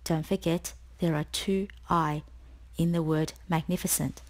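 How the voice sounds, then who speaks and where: A woman tutor reading a scripted spelling lesson, explaining each word slowly and clearly. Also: sits low, fairly even intonation. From Australia. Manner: slow, clear, deliberate explanations.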